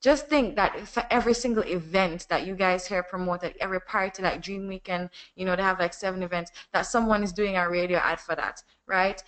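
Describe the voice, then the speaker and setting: A woman with a Jamaican accent, a voiceover artist talking casually and animatedly about her work. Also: lowish voice. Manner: animated, quick chatty explanations. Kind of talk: casual conversation.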